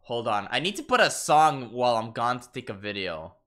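Brief: male streamer, swings all over in pitch, swears and laughs while chatting at his desk mic. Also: very animated, a little fast, bright, forceful tone. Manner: profane, laughing, easily sidetracked. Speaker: gaming streamer. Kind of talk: casual livestream commentary.

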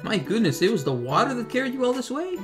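A man voicing a calm elderly hot spring keeper creature who talks in a kindly, formal way. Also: very high-pitched, quick pace, over music, voice pushed up.

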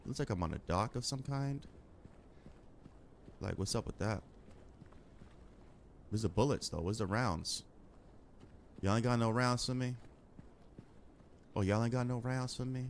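Deep voiced gamer guy talking trash at the game, casual slangy chat, noisy audio. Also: gravelly. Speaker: gaming channel host. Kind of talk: casual let's-play commentary.

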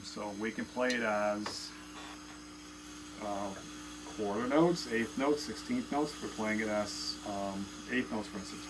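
A man's voice: on the low side, background noise. A man teaching a casual drum lesson, counting beats and chanting stroke names aloud in a loose, chatty way. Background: loud drumming.

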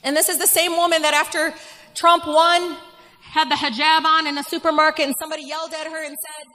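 A congresswoman giving a conference speech, telling a story in an animated way. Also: high voice, brisk. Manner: storytelling, animated, quoting others. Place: large conference hall. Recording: echoey hall.

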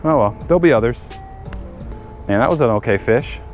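A man's voice: medium pitch, expressive, normal speed, a little mellow, soft background music. Chatty man vlogging while fishing. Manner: chatty, talks to viewers while fishing, easily frustrated. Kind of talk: casual vlog narration. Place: outdoors by a lake.

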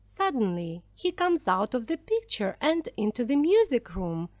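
A woman reads a simple story aloud at a slow, careful pace. Her pitch moves in a lively way and sits a little high. The recording is dry and close. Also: dry recording. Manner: slow, clear, careful reading. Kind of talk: scripted narration for language learners.

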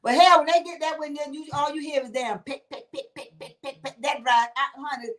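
With a high voice, fairly even intonation and a brisk pace, this livestream host reads through viewer comments in a relaxed chat. She laughs frequently and calls her audience honey and baby.

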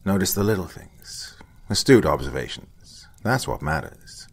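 A man playing an older, blunt forensic investigator who lectures in short, curt sentences with a husky voice. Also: low-pitched, very animated, a little slow, heavily acted. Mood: curt, lecturing. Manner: blunt, curt, lecturing, some lines whispered. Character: gruff veteran male forensic investigator, blunt.

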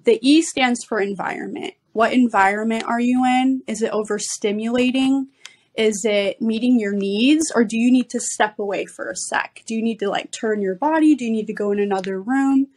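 A woman's voice: fairly high pitch, moderate pace, a little mellow. A woman parenting coach, a podcast guest, patiently explaining ideas step by step. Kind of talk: podcast interview.

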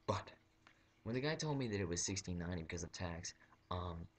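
Deep-voiced young man telling a story. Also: animated, fairly quick. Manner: rambling, full of fillers and restarts. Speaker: vlogger. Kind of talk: comic storytelling.

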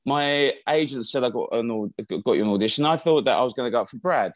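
A man talking casually as an interview guest, loose and rambling, full of ums and restarts. His voice is mid-pitched and sits dry and close, with no room sound around it. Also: quick pace, no room sound. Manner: chatty, rambling with many fillers and restarts. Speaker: musical theatre actor, interview guest.

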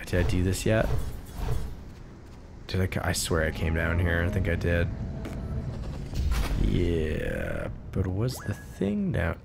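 A young man with a low voice rambles through a long story while playing a game, swearing freely and circling back on himself. Game music plays clearly under his commentary. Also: lively intonation, a little slow, pauses often. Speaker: gaming channel host. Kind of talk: let's play commentary.

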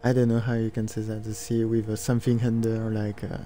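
Young french guy streaming a game, really dark mellow voice, halting english with lots of uhs, faint music under it. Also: on the low side, completely flat delivery. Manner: halting, searching for words, lots of fillers. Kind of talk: casual gameplay chat.

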